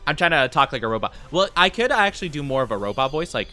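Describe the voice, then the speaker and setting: Chatting casually with his viewers as he plays a game on stream, a man rambles and leans on plenty of fillers. He speaks briskly in a sing-song, high-ish voice that's pushed and bright, with faint music behind him.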